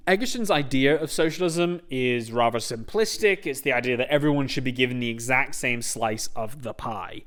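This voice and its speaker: A man's voice: mid-range voice, expressive, unhurried, fairly bright tone. A young man hosting a comedic video essay, sarcastic and sweary, breaking into rants.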